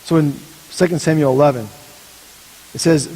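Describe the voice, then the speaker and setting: Pastor, male, husky tenor-ish voice; dramatic sermon storytelling with hushed emphasis; long hall reverb. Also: a little high, fairly quick.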